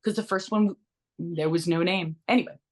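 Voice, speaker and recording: A middle-aged woman, an actress being interviewed, telling anecdotes in a chatty, animated way, often restarting her sentences and adding asides. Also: fairly low pitch, normal speed. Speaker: actress guest.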